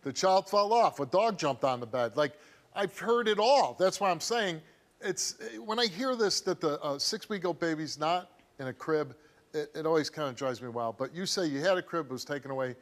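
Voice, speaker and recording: A man's voice: a little high, normal speed. A man hosting a TV talk show, questioning a guest in a probing, conversational way with many fillers.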